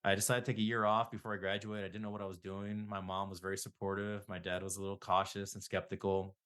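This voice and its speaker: Deep-voiced middle-aged man, rambling, self-deprecating, casual interview guest. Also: flat delivery, fast, fairly bright tone, smooth. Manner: rambling, self-deprecating, laughs at own stories. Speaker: guest psychotherapist.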